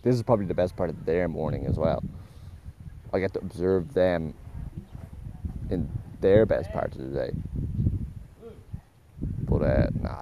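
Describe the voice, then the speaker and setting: Very deep gravelly man, rambling casually. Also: a little slow, long pauses, background noise. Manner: meandering, self-correcting, swears casually.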